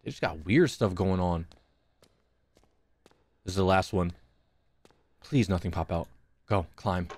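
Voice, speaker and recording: A man's voice: low voice, measured pace, long pauses, a little mellow, husky. A young man streaming a horror game, talking nervously and swearing in casual commentary. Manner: jumpy, swearing, nervous chatter to chat.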